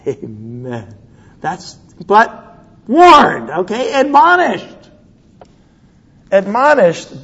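Animated high-voiced male preacher. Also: highs cut off. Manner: animated, conversational preaching with frequent asides. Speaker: pastor. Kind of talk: sermon.

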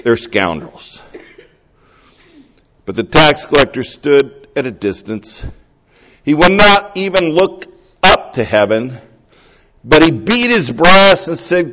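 Middle-aged guy preaching, kinda high voice, goes from whispery prayer to loud and excited. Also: takes it slowly, pauses often, background noise. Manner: animated, swings from hushed prayer to loud high exclamations. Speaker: pastor. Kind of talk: sermon.

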